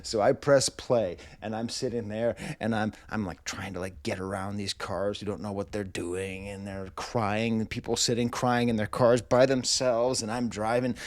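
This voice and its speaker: A man's voice: fairly low pitch, steady tone, normal speed, few pauses, dry recording. A middle-aged man reviewing music, telling a long story in a rambling, wry way full of comic asides, indoors in a rental house.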